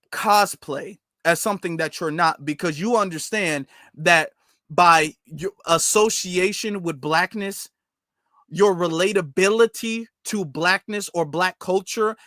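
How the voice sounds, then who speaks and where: A man's voice: high-pitched, bright, forceful tone, dry recording, studio quality. A man with a Southern US accent giving casual, repetitive commentary and often asking his audience whether he is right. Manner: repetitive, conversational, asks the audience for agreement. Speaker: commentary channel host.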